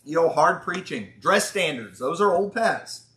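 A man's voice: fairly high pitch, expressive, measured pace, pushed and bright. A male pastor with a Southern accent preaching at a church conference, folksy and sarcastic, drawing out the words when he quotes. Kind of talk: conference sermon. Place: church hall. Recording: echoey church hall.

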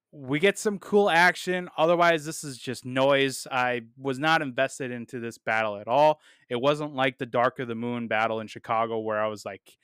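A man's voice: mid-range voice, a bit bright, smooth, no room sound, clean studio sound. A man reviewing a film in a casual podcast monologue, blunt and dismissive, with plenty of "um"s and "uh"s. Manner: blunt and dismissive, many fillers.

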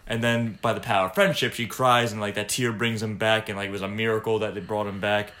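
A man chatting casually, retelling a film scene in a rambling, animated way with many fillers. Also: on the low side, normal speed. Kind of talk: casual chat.

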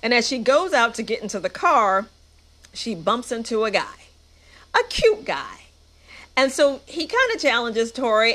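A woman's voice: on the high side, fairly bright tone. A woman giving a casual, sarcastic and playful recap of a movie. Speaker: movie reviewer.

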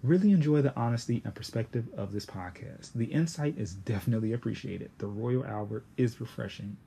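A young man in his late twenties hosting a podcast, chatting casually in a slangy, animated way with sudden high exclamations. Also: fairly quick, vocal fry, a little hiss or hum. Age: 20s; young adult. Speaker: podcast host.

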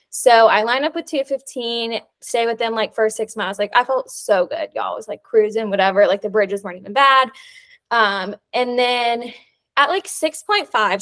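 A young adult woman co-hosting a podcast, telling a long story in casual chat, full of "like" fillers. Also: a little high. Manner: chatty storytelling, many "like" fillers. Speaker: podcast co-host.

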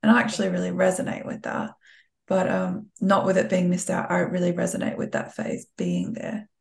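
Low, gravelly-voiced woman interviewing. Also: completely flat delivery, brisk. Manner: gentle, reflective questions. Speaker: podcast host. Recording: echoey room.

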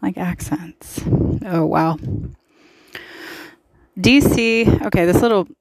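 A woman's voice: lowish voice, slow, gravelly, noisy background. A woman hosting a podcast, giving casual political commentary in a chatty, emphatic way with lots of fillers. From United States. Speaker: podcast host.

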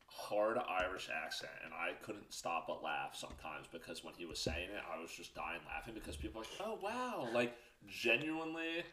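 A man's voice: sits low, normal speed, few pauses, reverberant, a little hiss or hum. A man telling a funny story in casual chat, laughing as he goes. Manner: laughing storyteller, animated retelling.

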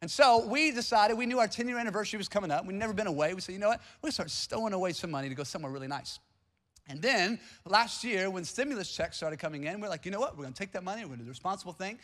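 A man in his thirties preaching a sermon in a church, with lively call-and-response asides to the congregation. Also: sits high, very fast. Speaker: pastor. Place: church sanctuary.

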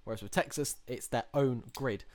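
Young male podcast co-host, rambling explainer, mid-pitched, dead-dry close mic. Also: moderate pace, darkish tone, dry recording. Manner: rambling, explains at length with many fillers. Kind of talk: casual chat.

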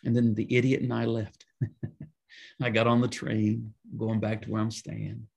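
A man, a pastor and author, telling a story in a conversational interview, with lively emphatic asides. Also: on the low side, measured pace, gravelly, slightly rough.

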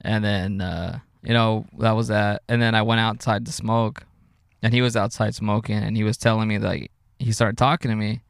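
A young man co-hosting a podcast, animated and quick to laugh and swear as he tells a story. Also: fairly low pitch, creaky, clean tone, no echo, clean studio sound. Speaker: podcast co-host. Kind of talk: casual chat.

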